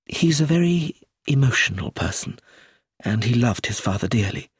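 A man voicing a quiet, composed middle-aged woman in a read story, speaking in a calm, measured way. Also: medium pitch, slightly rough, no room sound, studio quality.

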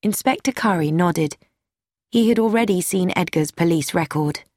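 A woman narrating a novel in a measured storytelling manner. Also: on the low side, darkish tone, no echo, studio quality. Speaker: audiobook narrator. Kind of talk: scripted narration.

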